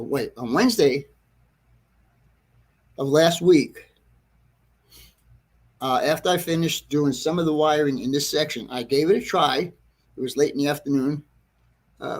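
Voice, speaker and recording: A man hosting a casual livestream about his model railroad, rambling and correcting himself, clearing his throat often, frustrated with a problem. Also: mid-range voice. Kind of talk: casual livestream chat to viewers. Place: train layout room at home.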